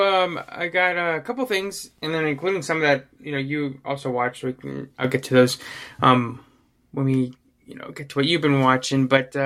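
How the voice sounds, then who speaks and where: A man co-hosts a podcast in casual conversation, his voice a little high and a bit bright. He rambles, filling gaps with fillers and restarting his sentences often.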